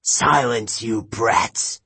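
A man's voice: mid-range voice, slow pace, creaky, fairly bright tone, slightly rough, exaggerated voice. A man reading an audiobook voices a cruel, scornful ancient king who runs a camp, sounding menacing and sneering. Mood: commanding.

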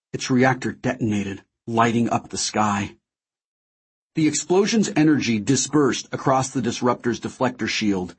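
A man narrating a first-person audiobook in a measured, dramatic way. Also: medium pitch, breathy edge.

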